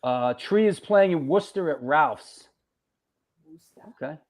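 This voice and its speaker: Animated, profane New York host. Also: male voice, a little high, a little slow. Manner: animated, profane, joking shout-outs. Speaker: host of a live show. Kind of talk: casual live-stream chat reading viewer comments.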